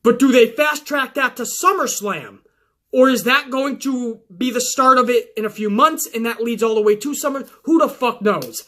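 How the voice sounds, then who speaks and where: A man hosting a show, recapping wrestling in an excitable, heavily profane casual way. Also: extremely high pitch, moderate pace.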